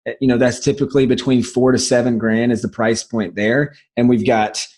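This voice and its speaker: A man's voice: mid-range voice, flat delivery, darkish tone. Enthusiastic man with a light Southern accent. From South Carolina. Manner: fast, enthusiastic storytelling with frequent restarts. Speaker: guest, business founder. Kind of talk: casual podcast interview.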